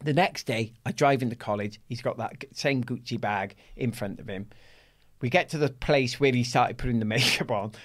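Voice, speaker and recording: A middle-aged Welsh man, an athlete guest in an interview, telling a personal story in an animated way and acting out the voices he quotes. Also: mid-range voice, moderate pace. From Wales.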